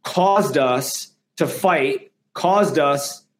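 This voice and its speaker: A man's voice: a little high, very slow, a little hiss or hum. Male guest; earnest, emphatic talker with frequent restarts. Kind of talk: candid interview conversation.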